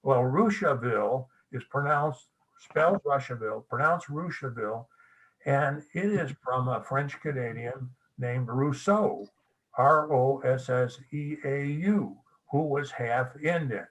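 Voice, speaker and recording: A man's voice: mid-range voice, slow, a bit bright, low-quality recording. An older man giving an anecdotal local history talk at a club meeting, a folksy storyteller who spells words out letter by letter. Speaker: guest speaker.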